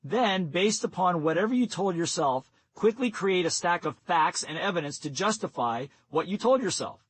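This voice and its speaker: Man reading in a slightly high voice. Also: lively intonation, moderate pace, breathy edge, low-quality recording. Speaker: audiobook narrator. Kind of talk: scripted narration.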